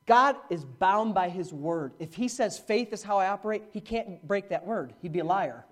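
A middle-aged male pastor preaching a sermon, with dramatic swings from hushed to loud. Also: normal speed. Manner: animated preaching with dramatic swings in pitch and volume. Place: church, live-streamed.

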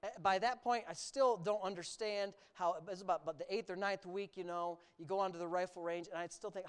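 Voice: medium pitch, brisk, hardly any pauses, clean tone. A preacher from the United States delivering a sermon, talking emphatically, stretching words for emphasis and adding sarcastic asides.

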